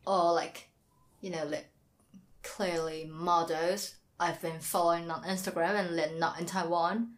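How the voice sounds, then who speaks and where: A woman with a slightly low voice answers questions in a relaxed interview. She hesitates often and leans on "like" and "you know" as she gropes for words. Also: measured pace.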